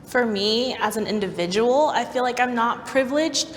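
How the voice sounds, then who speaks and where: A woman speaks hesitantly in a casual panel discussion, leaning on fillers. Her voice sits somewhat high. Long reverb and faint ambient noise surround her. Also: moderate pace. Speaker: panel participant.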